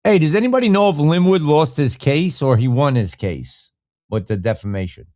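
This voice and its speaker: Rambling, profane podcast host, lively pitch. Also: male voice, normal speed. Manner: rambling, profane, reads chat aloud. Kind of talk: casual live-stream talk.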